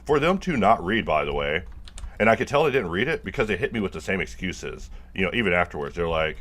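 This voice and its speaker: A man's voice: low voice, very animated, fast, a bit bright, slight background noise. A man talking casually to the camera while he works, joking about himself and wandering off topic, with many fillers. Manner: self-deprecating, jokey, rambling with many fillers. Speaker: video maker working on a project. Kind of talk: casual rambling monologue while working.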